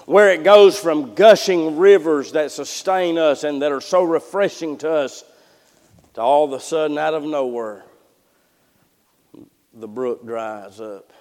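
A male preacher with a notably high voice delivers a folksy sermon, stumbling through repeated "and, and" restarts. He drops to near-whispers and then climbs back to loud, ringing passages. The recording carries the long reverb of a church sanctuary. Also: normal speed. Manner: folksy, repetitive restarts, swings from hushed to loud. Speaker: pastor.

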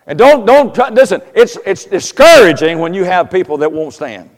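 A pastor preaches in a folksy, storytelling way, his voice sitting high for a man. He builds to loud, emphatic passages, and a long reverb from the church hall trails his words. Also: sing-song, moderate pace. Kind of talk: sermon. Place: church sanctuary.

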